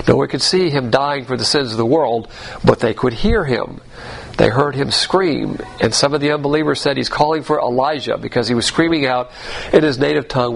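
Guy preaching a bible lesson, gravelly voice, spells out greek words slow and careful. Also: medium pitch, low-quality recording. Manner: spells out Greek words letter by letter, measured teaching delivery. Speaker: Bible teacher. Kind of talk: expository sermon.

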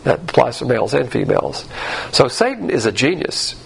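A man's voice: medium pitch, very animated, fairly quick, gravelly, husky. A man teaching the Bible in a sermon, emphatic and sarcastic as he mocks the views he quotes.

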